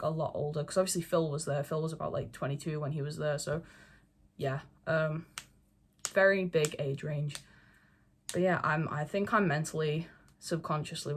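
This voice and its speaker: A young woman chatting to camera in a casual, rambling way, full of fillers and swearing. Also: deep voice. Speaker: fandom video creator. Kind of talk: casual chat, talking to camera.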